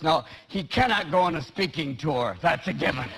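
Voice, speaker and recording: A man performing a stand-up comedy set in a large theatre, with a fast, mocking delivery. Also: a little high, animated. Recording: loud noise, live theatre.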